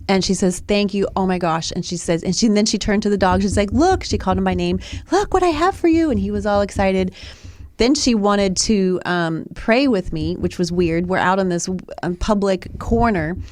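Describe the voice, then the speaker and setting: A woman's voice: mid-range voice, steady tone, moderate pace, a little mellow, no echo. A woman co-hosting a podcast, telling a personal story in casual chat, rambling with frequent restarts and fillers. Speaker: podcast co-host. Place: podcast studio.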